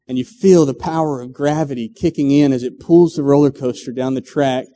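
A man's voice: medium pitch, a little fast, warm tone. A middle-aged man preaching a sermon, telling a story full of acted quotes and stumbling restarts. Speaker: pastor. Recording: long hall reverb.

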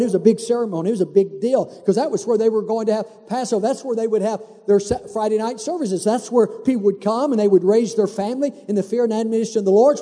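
A man preaches in a church sanctuary, his fairly high voice carrying a deep, mellow darkness. He drives his points home by repeating them over and over. A long hall reverb trails every phrase. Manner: emphatic preacher, repeats lines for stress. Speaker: pastor. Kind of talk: sermon.

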